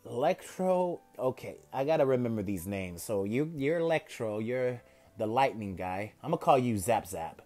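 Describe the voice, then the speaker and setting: A man's voice: medium pitch, very animated, moderate pace, a little mellow, soft background music, close to an everyday voice. Cocky young superhero who won't stop joking mid-fight, voiced by a male fan storyteller. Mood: mocking. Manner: wisecracking, rambling banter. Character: young male masked hero, cocky joker.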